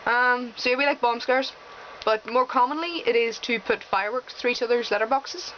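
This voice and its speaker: A woman's voice: fairly high pitch, expressive, fairly quick, fairly bright tone. A teenage girl with a Northern Irish accent that mixes Belfast and Fermanagh with a slight American tinge, chatting casually and wryly to camera as she reads out a word list and questions, with plenty of ums. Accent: Northern Irish, mix of Belfast and Fermanagh with a slight American tinge. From Northern Ireland. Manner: chatty and wry, with frequent ums. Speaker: vlogger. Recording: dull lo-fi webcam audio with faint room hiss.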